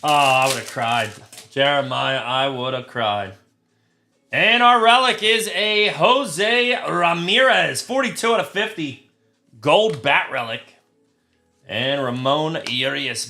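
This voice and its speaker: A man hosting a live trading card break, talking crudely and getting excited, shouting over big pulls. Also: mid-range voice, slow pace, vocal fry, faint music behind.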